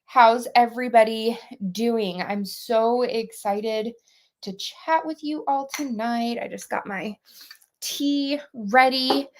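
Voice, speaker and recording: A woman's voice: fairly high pitch, slow. A woman in her thirties hosting a book club livestream, bubbly and chatty, greeting viewers by name. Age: 30s. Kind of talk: casual livestream chat.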